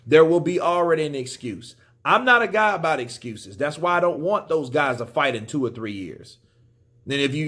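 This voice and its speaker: A man's voice: on the high side, fairly bright tone. A man giving casual boxing commentary on a vlog, emphatic and profane.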